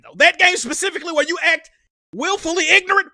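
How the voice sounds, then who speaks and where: A man's voice: very high-pitched, quick pace, no echo, clean studio sound. A young man, streaming and ranting profanely about a game console event. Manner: profane, animated, exasperated ranting. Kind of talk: ranting live stream commentary.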